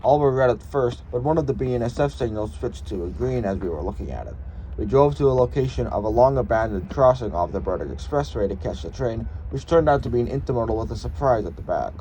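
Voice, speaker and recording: Guy calmly narrating his own vlog, mid-pitched voice, lots of hiss under it. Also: fast talker. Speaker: railfan vlogger. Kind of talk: scripted voice-over narration. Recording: noisy recording.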